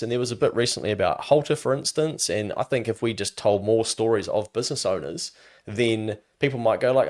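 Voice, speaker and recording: Animated New Zealand man, lowish voice. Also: a little fast. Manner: animated storyteller who acts out quoted voices. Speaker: business adviser guest. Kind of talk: casual podcast interview.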